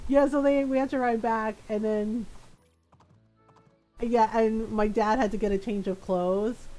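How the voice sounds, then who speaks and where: Woman streamer, casual storyteller, mid-high voice, animated, acts out quotes; soft music bed. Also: measured pace, low-quality recording.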